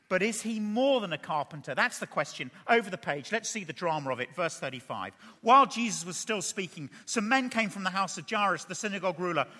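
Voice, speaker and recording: A man delivers a sermon from the front of a church, with a high and bright voice. He preaches in an animated way and keeps putting rhetorical questions to the congregation. His voice carries a long reverb through the hall. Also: fairly quick.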